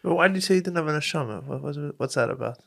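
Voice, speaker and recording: A man's voice: a little high, expressive, rapid-fire, vocal fry. A man hosting a podcast, pressing his guest with persistent follow-up questions. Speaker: podcast host. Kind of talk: interview questions.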